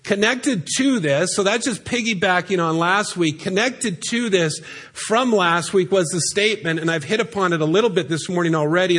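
A man's voice: a little high, a bit bright. A man preaching a sermon in a church, earnestly reading scripture aloud and explaining it. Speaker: pastor. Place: church sanctuary.

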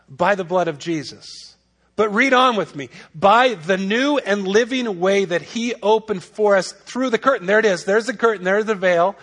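A male pastor delivers a sermon in a notably high voice. He talks in a conversational way, then leans hard on key points and keeps asking rhetorical questions. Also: a bit bright.

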